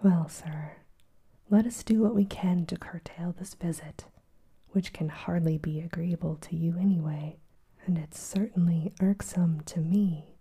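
A woman voicing a gruff, furious older male professor in a whispered role-play, growling and insulting. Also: fairly low pitch, a little slow, mellow, full character voice. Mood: scornful.

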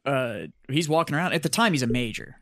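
A man's voice: fairly high pitch, lively intonation, quick pace, fairly bright tone, dry recording. A man hosting a podcast, telling a profane, rambling story about his army basic training. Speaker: podcast host, army veteran.

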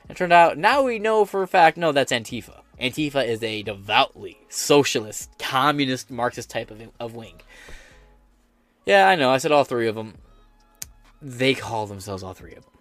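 A man's voice: medium pitch, lively intonation, normal speed, fairly bright tone, no room sound, faint music behind. Foul-mouthed sarcastic man ranting. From United States. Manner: profane, sarcastic, rambling. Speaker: podcast host. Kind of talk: ranting political commentary.

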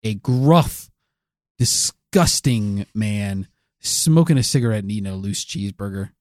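A man's voice: lowish voice, animated, a little slow, a little mellow, dry recording, clean studio sound. Man spinning crude absurd stories. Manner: rambling, crude, escalating absurd tale. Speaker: comedy podcast co-host. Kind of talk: improvised comedic storytelling.

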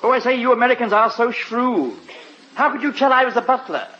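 An actor playing a fussy English butler with dry, sly wit, in 1940s radio comedy style. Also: male voice, very high-pitched, animated, fairly quick, sharp tone, a little hiss or hum, exaggerated voice. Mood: dryly amused. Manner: formal, polite, sly teasing. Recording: muffled old radio broadcast.

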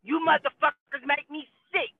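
A man's voice: very high voice, little pitch movement, moderate pace, no echo. A man calling in to a live stream, ranting profanely and indignantly in a heated, repetitive way. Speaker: caller. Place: in a car. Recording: tinny phone line.

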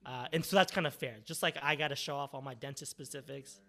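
Bright-voiced young man, joking podcast host. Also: mid-range voice, steady tone, fast talker, creaky. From Southern California. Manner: joking, self-mocking. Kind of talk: casual chat.

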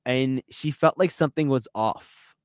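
A man with a medium-pitched, smooth voice is captured in clean, dry studio sound. Co-hosting a podcast, he chats casually while retelling a dating show finale, laughing often and quickly acting out the quotes in animated storytelling.

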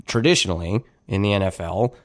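A man's voice: sits low, brisk. A drunk man co-hosting a podcast, rambling in casual sports chat with lots of fillers. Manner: rambling, hedges with lots of likes and I means. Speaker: podcast co-host.

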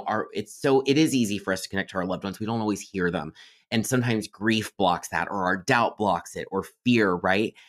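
A man, a psychic medium guest on a podcast, telling stories in a chatty way full of asides and restarts. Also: mid-range voice. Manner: chatty, many fillers and restarts, warm storytelling. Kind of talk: casual podcast interview storytelling.

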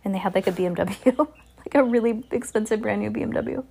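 A chatty woman in a mid-pitched voice, talking loosely and apologizing before she settles into reading a chapter aloud. Her delivery is casual and unpolished. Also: fast talker, creaky, a little mellow, breathy edge. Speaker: reader. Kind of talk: casual read-aloud of a novel.

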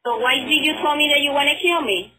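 Brief: woman, high and sharp-toned voice, keeps repeating accusations in clipped, non-standard English. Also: quick pace, poor audio. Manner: repeats accusing questions, broken English phrasing. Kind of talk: prank call soundboard clips.

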